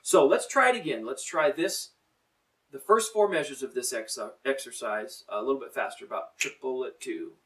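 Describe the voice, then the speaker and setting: A man's voice: mid-range voice, expressive, moderate pace, a bit bright, far from the mic, slight background noise, low-quality recording. A man coaching a drum lesson. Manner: encouraging, plain-spoken, coaching. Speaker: drum teacher. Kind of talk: instructional lesson, counting in.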